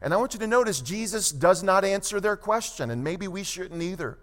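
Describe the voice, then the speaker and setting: A man preaching a sermon as pastor, emphatic, with quick asides and slow, stressed phrases. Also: sits high, expressive. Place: church sanctuary. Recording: long hall reverb.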